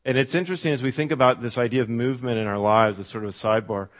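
A man's voice: medium pitch, fairly even intonation, rapid-fire. A middle-aged man preaching a sermon as pastor, telling stories in a conversational way with fillers and asides to the congregation.

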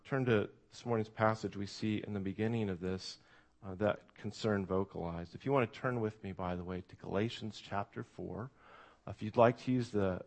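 A man with an American accent preaching a sermon in a church, talking in a conversational way and speaking to the children now and then. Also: on the low side. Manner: conversational, lively, speaks to the kids. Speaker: pastor.

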